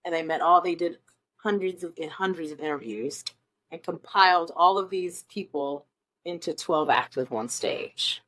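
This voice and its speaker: Her pitch sits fairly low and her tone is a bit bright, with a moderate pace. She's a Broadway performer from Omaha, Nebraska, chatting casually and enthusiastically as an interview guest, sharing stories filled with frequent ums.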